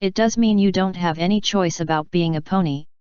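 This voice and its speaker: A woman voicing a frustrated human husband who speaks flatly and needles his wife, in a smooth, dry, lo-fi reading. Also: on the low side, a little fast, no echo, natural voice. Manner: flat, needling. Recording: dull lo-fi.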